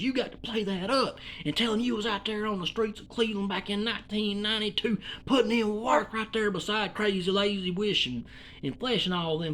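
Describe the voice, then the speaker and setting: A man's voice: sits high, a bit bright, a little hiss or hum. A man from Alabama with a Southern accent, delivering a rambling comedic monologue in a folksy, profane, meandering way.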